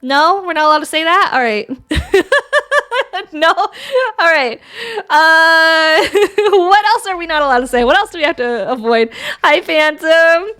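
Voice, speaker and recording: A woman's voice: very high-pitched, lively intonation, measured pace, bright, forceful tone. A woman streamer chatting casually with her viewers, crude and giggly, bantering with chat. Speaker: VTuber streamer.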